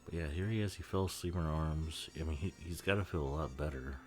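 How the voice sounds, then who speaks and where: Very deep-voiced man riffing on a movie. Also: fast talker. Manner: rambling, laughs often, swears freely. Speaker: movie commentary host. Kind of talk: casual film commentary.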